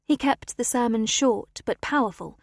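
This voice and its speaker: A woman narrating an audiobook thriller in a calm, measured storytelling voice. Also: fairly high pitch, gravelly, no echo.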